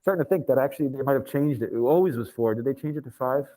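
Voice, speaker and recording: A male physics teacher leading a live online class, thinking aloud and reading formulas out slowly, with casual asides. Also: medium pitch, dark tone, low-quality recording.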